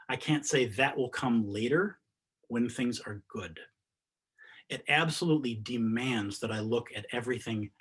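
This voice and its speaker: A man teaching meditation in an earnest spiritual talk over a video call, rising to emphatic questions and dropping to soft, quiet endings. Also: medium pitch, breathy edge.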